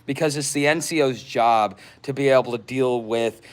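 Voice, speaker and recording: Rambling, halting man talking to camera. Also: medium pitch. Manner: rambling, halting, many fillers and restarts. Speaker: vlogger. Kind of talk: casual unscripted monologue.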